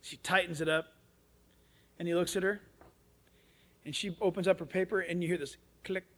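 A male pastor preaching a radio sermon, animated and storytelling, acting out the people in his story. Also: high-pitched, moderate pace, background noise. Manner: animated storytelling, acts out other people's voices.

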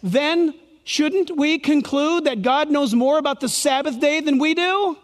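Fiery high-voiced male preacher. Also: unhurried, long reverb tail. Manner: animated, sarcastic, fiery preaching. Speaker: pastor. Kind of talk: sermon. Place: church sanctuary.

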